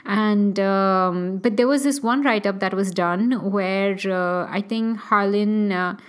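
A woman co-hosting a podcast in casual chat, talking hesitantly with many fillers and pauses. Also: medium pitch, clean tone. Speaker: podcast co-host.

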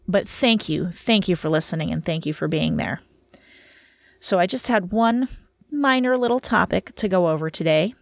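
Chatty, low-voiced woman podcaster. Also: no echo, studio quality. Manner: self-deprecating, chatty, rambling. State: tired from lack of sleep. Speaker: podcast host. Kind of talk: casual solo podcast monologue.

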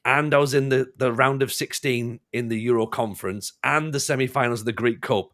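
A man's voice: mid-range voice, brisk, fairly bright tone. A man hosting a casual podcast, rambling through stories with restarts and laughing at himself. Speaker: podcast host. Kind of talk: casual chat.

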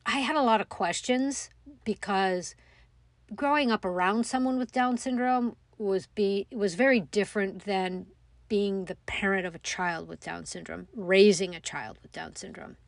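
A middle-aged woman telling a personal story in a reflective, halting way, with many pauses and fillers. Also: mid-range voice, vocal fry, dry recording. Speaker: mother telling her story.

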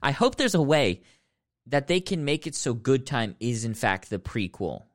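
A man's voice: mid-range voice, very animated, normal speed. A man hosting a podcast, delivering a mock-serious, sarcastic comedic rant that rambles and breaks into sudden outbursts. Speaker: podcast host ranking films.

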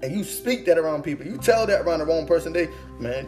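A man's voice: a little high, expressive, fast, hardly any pauses. A young man giving an inspirational testimony talk, speaking with an earnest, preaching cadence that repeats phrases. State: emotional, holding back tears. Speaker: motivational speaker. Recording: faint guitar music behind. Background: soft guitar music.

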